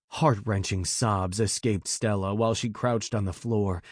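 A man narrating an audiobook in a measured, dramatic way on a close mic. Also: on the low side, fairly even intonation, a little mellow, no echo.

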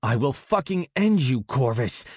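A man's voice: mid-range voice, animated, normal speed, a little mellow, slightly rough, dry recording, studio quality. A man voicing an intense, protective young man in an audiobook. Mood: furious.

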